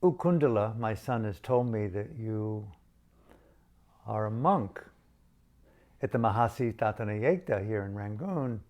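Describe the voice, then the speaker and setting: A man's voice: fairly low pitch, animated, measured pace, long pauses, darkish tone. A man voicing a frank, teasing elderly woman in a spoken story, with a wry, quipping manner.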